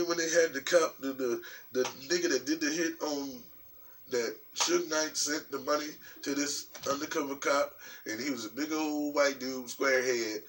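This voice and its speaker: Male vlogger from New York, profane rambling commentary, higher voice, distant mic. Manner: animated, profane, rambling with many restarts. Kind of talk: casual commentary vlog. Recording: distant mic with faint background noise.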